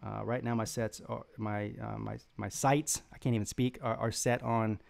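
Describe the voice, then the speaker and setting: A man's voice: lowish voice, little pitch movement, normal speed, vocal fry. A man with a Southern American accent hosting a sports live stream, reading viewer comments and answering with rambling, mocking trash talk full of fillers and restarts.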